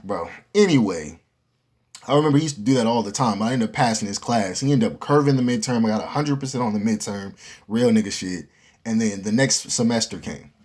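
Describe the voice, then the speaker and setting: A young man casually telling a storytime to the camera, animated and slangy, with profanity and asides to the viewer. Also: on the low side, a little fast.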